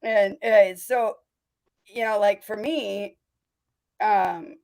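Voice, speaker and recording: She speaks extremely slowly with vocal fry, her medium-pitched voice fairly even in intonation and darkish in tone. The livestream host, from North Dakota with a mixed North Dakota and Southern US accent, keeps the chat casual and laughs often between fillers.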